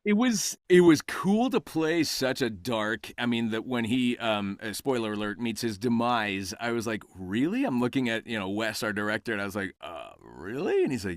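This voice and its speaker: Lively storytelling man, low and dry. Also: no room sound. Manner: animated storyteller who acts out quoted exchanges. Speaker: voice actor guest. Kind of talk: casual podcast interview.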